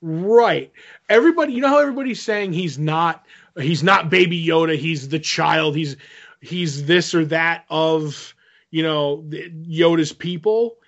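Here a male podcast co-host talks in a loose, rambling way, heavy on fillers and restarts. His fairly high, fairly bright voice moves a little slowly, and the recording is dull and lo-fi.

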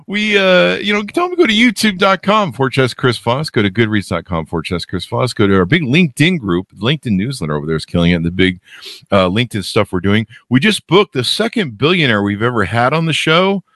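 Lively, jokey male podcast host. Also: mid-range voice, fairly quick, no room sound, studio quality. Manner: jokey and rambling, with many fillers. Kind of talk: casual interview chat.

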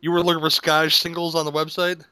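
Bright, teasing podcast co-host man. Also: on the high side, monotone, clean tone, no echo. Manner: joking, teasing, quick comic riffs. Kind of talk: casual film commentary chat.

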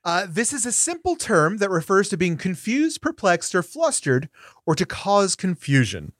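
A man hosting a word quiz on a casual podcast, playful and reading out each option slowly. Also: high voice, wildly swooping pitch, fairly bright tone, dry recording, studio quality.

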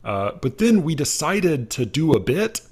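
A man's voice: a little high, very animated, unhurried, a little mellow, breathy edge. Wry rambling man telling a story. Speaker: podcast host. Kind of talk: casual storytelling chat.

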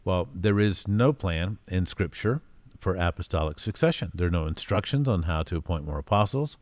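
A man giving an informal Bible teaching in a conversational way, often pausing with fillers and reading verses aloud with emphasis. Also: low voice, lively intonation, darkish tone, no echo. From United States.

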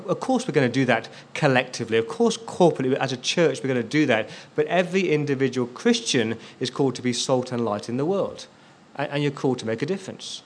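A man's voice: medium pitch, fairly quick. Emphatic male pastor preaching. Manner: emphatic, repeats key words for stress. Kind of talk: sermon.

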